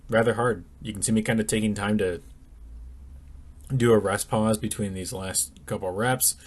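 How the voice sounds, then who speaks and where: A young man talking casually over his workout footage, sleepy and yawning, with lots of ums and restarts. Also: lowish voice. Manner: rambling, many ums and restarts. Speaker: fitness vlogger.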